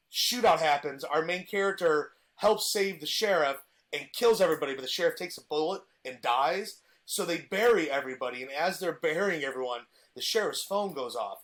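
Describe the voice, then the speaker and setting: A man's voice: a little high, a bit bright. A man in casual podcast chat, eagerly retelling a TV plot with frequent restarts. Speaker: podcast guest presenting a TV villain.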